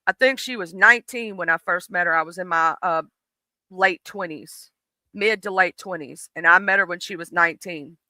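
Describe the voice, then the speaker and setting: A streamer in their late thirties with a drawl keeps up an animated, profanity-laced chat with their viewers. The voice is very bright and smooth, and it sits dry and close on the mic. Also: medium pitch, moderate pace, no echo, rough recording. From southern United States. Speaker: live streamer. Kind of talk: casual live-stream chat.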